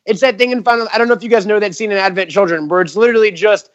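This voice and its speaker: High-voiced, animated male podcast guest. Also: very fast, no room sound, muffled recording. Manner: animated storyteller, swears freely. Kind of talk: casual podcast chat.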